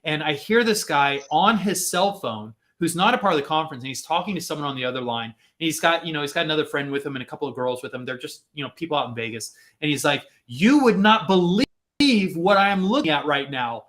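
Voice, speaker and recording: A man on a podcast telling a personal story in a casual, animated way, acting out the people he quotes. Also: a little high, fast, hardly any pauses. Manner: animated, acts out quotes with lots of fillers. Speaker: podcast host.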